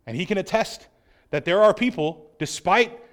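A male pastor preaching a sermon, acting out quoted voices and swinging from loud outbursts to hushed lines. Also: sits high, expressive, moderate pace.

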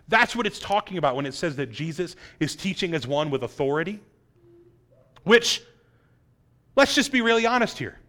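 A man with a notably high voice preaches a sermon through a passage. He leans hard on key points and keeps asking his listeners rhetorical questions. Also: big pitch swings, normal speed, fairly bright tone. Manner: emphatic, asks rhetorical questions, acts out quotes. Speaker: pastor. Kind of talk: expository sermon.

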